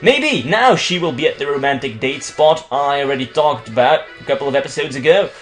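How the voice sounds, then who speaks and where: Brisk and lively, a young non-English-speaking man from Belgium gives crude, rambling let's play commentary over a game, restarting his sentences often. His voice sits a bit high, and soft music can be heard behind him.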